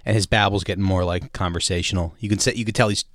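A man's voice: sits low, fairly even intonation, fast, a bit bright, no echo. A man chatting casually on a podcast, easygoing, with short remarks. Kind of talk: casual chat.

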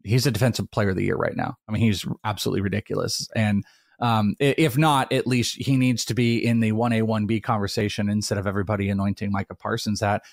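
A man's voice: lowish voice, gravelly, studio quality. Podcast co-host, male, loose rambling delivery, dead room, no reverb. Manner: rambling, animated, quick asides. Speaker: fantasy football podcast host. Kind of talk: casual sports chat.

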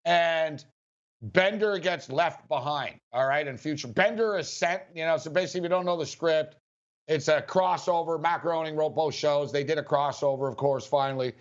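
A man's voice: on the high side, normal speed. A man hosting a sports betting talk show, telling a rambling story between laughs. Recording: dull lo-fi sound.

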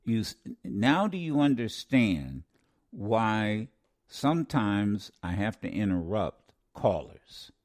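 Male talk radio host with an animated, swinging delivery. He challenges callers hard. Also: fairly low pitch, slow pace. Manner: lively, interrupts and scolds callers, voice rising when angry.

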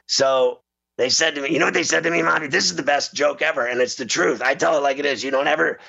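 Gravelly, bright-voiced male show host. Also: a little high, fast. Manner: animated, laughing storyteller. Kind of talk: casual comedic rant. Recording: slightly muffled lo-fi sound.

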